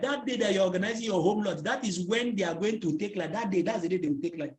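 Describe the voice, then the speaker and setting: A man's voice: sits high, expressive, quick pace, fairly bright tone, roomy sound. A man with a Nigerian English accent giving a motivational training talk as a network marketing trainer. He keeps asking his listeners questions and has them fill in his sentences. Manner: drills the audience with repeated questions and fill-in-the-blank prompts.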